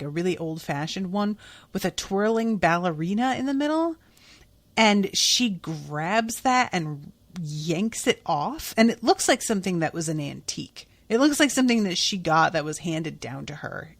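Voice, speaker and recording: Woman podcast host, unhurried and blunt, candid cursing, dry close-miked sound. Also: medium pitch, no room sound. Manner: chatty, blunt, swears freely. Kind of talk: casual episode recap.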